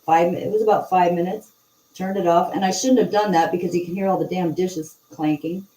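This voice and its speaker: A woman hosts a casual chat and slips into animated storytelling. Her voice is mellow and dark. She sits some way from the mic in an echoey room. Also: lowish voice, fairly quick, far from the mic. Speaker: host.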